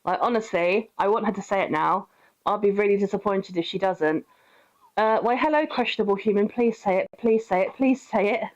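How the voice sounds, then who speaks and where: A woman's voice: medium pitch, fairly quick, muffled recording. A young British woman giving casual, sweary gameplay commentary, chatting, laughing often and cooing at her pet. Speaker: streamer.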